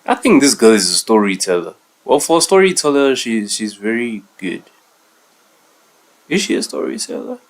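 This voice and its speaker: A man's voice: medium pitch, big pitch swings, normal speed, poor audio. A man streaming live reactions to video clips, exclaiming a lot and repeating himself. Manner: exclaims a lot, repeats words, calls everyone bro. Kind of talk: casual live reaction commentary.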